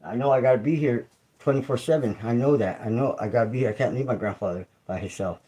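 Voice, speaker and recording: A man's voice: mid-range voice, fast, warm tone, low-quality recording. Conversational man hosting a livestream. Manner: loose and conversational, repeats phrases, asks listeners "you feel me?". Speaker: YouTube creator and livestream host. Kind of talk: casual livestream monologue.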